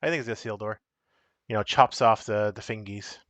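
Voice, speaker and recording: A man's voice: on the low side, normal speed, fairly bright tone, dry recording. A man casually chatting on a live stream as he shows and explains the cards of a solo card game, rambling and correcting himself as he goes.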